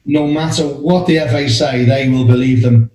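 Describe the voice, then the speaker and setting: A man with an English accent in a casual chat among referees, talking quickly and stumbling into his points. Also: mid-range voice, steady tone, mellow, soft background music. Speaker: referee, podcast co-host. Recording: echoey room.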